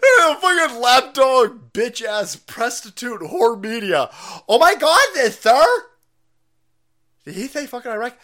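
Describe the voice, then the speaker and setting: Man, high voice, profane livestream rant, mocking, shouty then muttering. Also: lively intonation, unhurried. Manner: loud, mocking, swings between shouting and low muttering. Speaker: political commentary streamer. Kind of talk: profane ranting livestream commentary.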